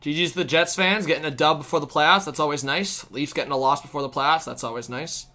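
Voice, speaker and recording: A young man hosting a live hockey stream, calling plays excitedly and chatting casually with viewers. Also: a little high, fast talker. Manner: excitable, shouts at big plays, chats with viewers. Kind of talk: hockey play-by-play and chat.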